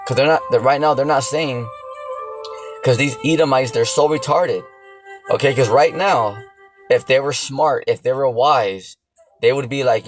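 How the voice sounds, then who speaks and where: Man, off-the-cuff preaching, blunt and profane, average pitch, faint music behind. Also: unhurried, low-quality recording. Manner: blunt and profane, keeps asking "see that?" and "you know?". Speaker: religious teacher.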